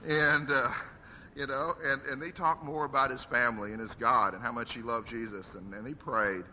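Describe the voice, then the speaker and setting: A man's voice: mid-range voice, steady tone, moderate pace, pushed and bright, a little hiss or hum. A man delivering an earnest, preacherly eulogy for his father at a funeral service. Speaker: son giving a eulogy. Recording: echoey hall, dull lo-fi sound.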